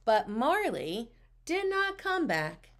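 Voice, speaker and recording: A woman reading a picture book aloud, expressive and talking to the listeners with questions. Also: high voice, takes it slowly. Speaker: storybook reader.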